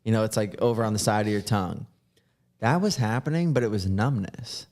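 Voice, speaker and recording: This podcaster sounds animated and brisk, his fairly low voice carrying a darkish tone. He spins a lengthy, meandering story, cursing freely and saying "like" constantly.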